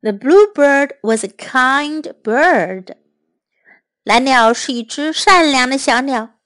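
A woman reading a children's story aloud, switching between English and Chinese lines, slow, clear and patient. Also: sits high, expressive, fairly bright tone.

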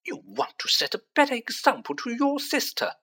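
A man's voice: fairly high pitch, huge pitch swings, unhurried, bright, forceful tone, husky, pitched above the performer's own voice, full character voice. A man voicing a stern, proud middle-aged witch mother in a storybook reading. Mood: scolding. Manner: stern, snapping.

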